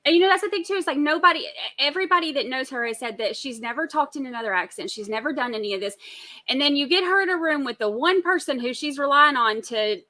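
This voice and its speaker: Bright, chatty woman host. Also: high-pitched, expressive, fast talker. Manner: chatty, laughs often. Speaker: host and streamer. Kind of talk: casual chat.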